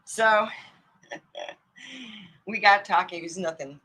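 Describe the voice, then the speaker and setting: A middle-aged woman spinning loose, rambling comic tales from her own past. She swears freely and laughs at her own stories. Her pitch sits in an ordinary middle range for a woman. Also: expressive, slow pace, pushed and bright, husky, poor audio. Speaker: comedian. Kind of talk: casual storytelling monologue.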